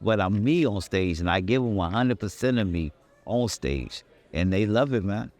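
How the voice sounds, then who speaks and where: A man who does stand-up comedy, talking about being on stage in a relaxed, earnest and casual way, with loose phrasing. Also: on the low side, normal speed. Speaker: comedian in an interview. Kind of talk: casual reflective talk.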